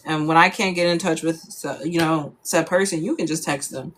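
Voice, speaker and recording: A woman's voice: sits low, fairly even intonation, moderate pace, a little hiss or hum. A young woman telling a personal story in a casual, chatty way, full of fillers.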